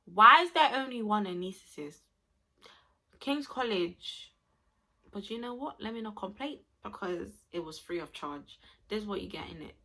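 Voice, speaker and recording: A woman's voice: on the low side, vocal fry, a bit bright. A young woman, chatting expressively to camera as she tells a personal story to her viewers. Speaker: vlogger.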